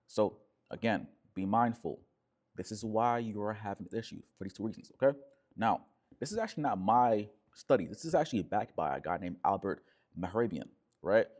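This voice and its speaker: A male relationship coach talks directly to the camera in a low, slightly mellow voice. He's emphatic, says "right?" over and over, and acts out the voices of people he quotes.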